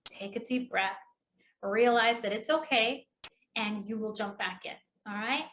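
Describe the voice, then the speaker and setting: Fast-talking New England woman teaching speaking. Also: reverberant. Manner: lively, demonstrates delivery with shifting pitch; chatty, casual, fast-talking. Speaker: public speaking trainer. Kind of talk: online training presentation.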